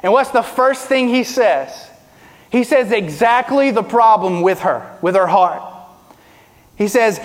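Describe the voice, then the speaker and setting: High-voiced man preaching in a reverberant hall. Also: animated, unhurried. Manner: preaching with rhetorical questions, pitch and volume swinging widely. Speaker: pastor. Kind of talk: sermon.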